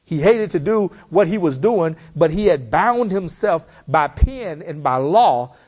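A man preaching a sermon, slow and emphatic, building repeated appeals to his listeners. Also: on the high side, expressive, darkish tone.

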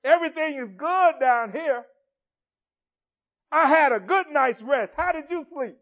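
A man voicing Daniel as a relaxed, cheerful young man chatting easily in a sermon retelling. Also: very high-pitched, a little slow, pitched above the performer's own voice. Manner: easygoing, chatty.

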